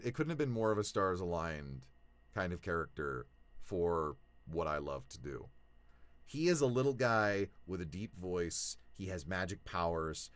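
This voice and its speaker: A young male voice actor talking casually to his viewers, animated, swinging between low mutters and excited shouts. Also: no echo. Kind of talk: casual vlog talk.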